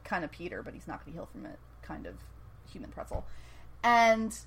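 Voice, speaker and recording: Animated woman recapping a show. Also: lowish voice, rough recording. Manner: animated storytelling, laughs often, acts out quotes. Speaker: podcast co-host recapping a TV episode. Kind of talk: casual chat.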